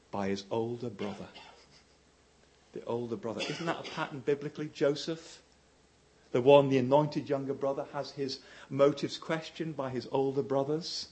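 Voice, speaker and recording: Man, preacher, sermon, animated storytelling, mid-pitched voice, rises for quotes, drops low for emphasis.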